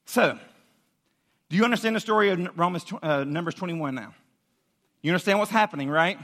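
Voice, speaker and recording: A man preaches to a young crowd in a high, bright voice. He is animated and pleading as he leads a volunteer through a story. The sound rings in a church hall. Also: brisk, creaky, pauses often. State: out of breath. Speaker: youth pastor. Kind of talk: sermon with audience demonstration.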